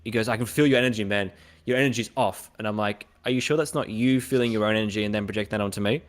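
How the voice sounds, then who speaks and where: A young Australian podcast host, fairly low-voiced, rattles along at a racing speed. His storytelling is animated, full of him playing out other people's lines.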